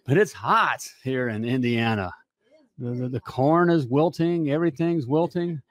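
A man hosting a live talk show from a studio. He talks in an energetic, chatty way and keeps tacking "all right?" onto his lines. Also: medium pitch, unhurried. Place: home studio.

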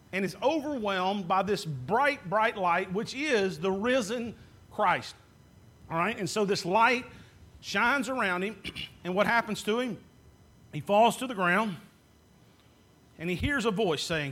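A man's voice: high-pitched, a bit bright. A man preaching a sermon as pastor, posing questions to the congregation and answering them himself.

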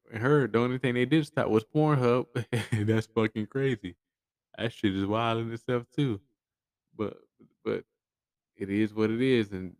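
A man's voice: on the low side, smooth, dry recording. A man hosting a podcast with blunt, profane commentary, frequent stammered restarts. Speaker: podcast host. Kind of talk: casual solo commentary.

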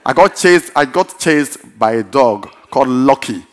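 Lively, animated male preacher storyteller. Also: medium pitch, measured pace. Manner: animated, repetitive, laughing storyteller. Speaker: pastor. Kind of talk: storytelling sermon.

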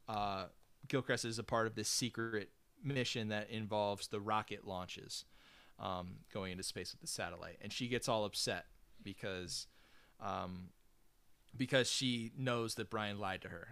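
Bright, smooth-voiced man recapping a film. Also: on the low side, dry recording. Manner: rambling retelling with many fillers. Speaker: podcast co-host. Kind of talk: casual movie recap chat.

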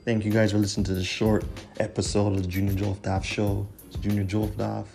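A man's voice: fairly low pitch, completely flat delivery, brisk, creaky, darkish tone, soft background music. A man hosting a solo podcast, talking casually and bluntly and ranting, with "you know what I'm saying" in nearly every sentence. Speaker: podcast host. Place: Toronto.

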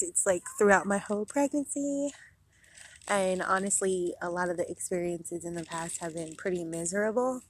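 A podcast host in her thirties chats casually outdoors at a park, rambling with plenty of fillers and sounding a little out of breath. Her voice is on the low side with a breathy edge.

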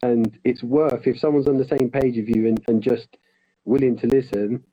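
A man's voice: medium pitch, fairly even intonation, normal speed, husky, lo-fi sound. A man and life coach in training, talking in a casual conversation, rambling with frequent restarts.

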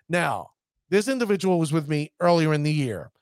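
A man hosting a casual podcast, talking like a showman with hype and drawn-out emphasis. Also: a little high, very animated, no echo, studio quality. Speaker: podcast host.

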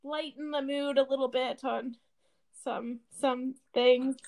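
A young woman co-hosting a casual podcast with a somewhat high voice. She teases and jokes freely, and rambles through restarts and fillers as she hunts for her point. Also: fairly even intonation, slow, creaky, a little mellow. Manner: joking, teasing, rambling with restarts. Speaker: podcast co-host.

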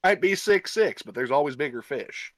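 A man's voice: fairly high pitch, lively intonation, moderate pace, a bit bright, no room sound. A young man co-hosting a podcast in casual chat, blunt and sarcastic with plenty of swearing. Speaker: podcast co-host.

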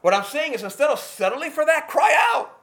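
High-voiced man preaching with passion. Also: animated, a little fast. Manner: passionate preaching, rising to shouts then dropping low. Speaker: pastor. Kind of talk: sermon.

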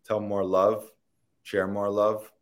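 A man's voice: lowish voice, level tone, slow. A man, an actor, talking in a rambling, earnest and playful way in a casual interview, laughing and swearing now and then. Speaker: actor guest.

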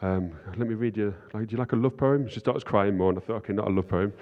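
Fast-talking man preaching. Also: fairly low pitch. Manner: chatty and self-deprecating, asks "right?" often. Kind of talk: informal sermon. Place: church hall. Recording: lo-fi sound in a reverberant hall.

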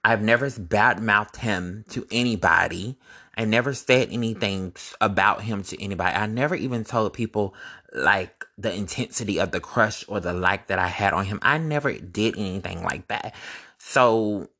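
A young man spins a personal story in a loose, gossipy way, full of swearing and asides. His voice sits a little low but rings bright and forceful. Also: normal speed. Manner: animated, profane, gossipy storytelling. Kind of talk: casual storytime vlog.

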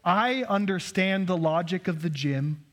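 A man's voice: high-pitched, unhurried. A man preaching a sermon in a conversational way, asking rhetorical questions and joking at his own expense. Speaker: pastor.

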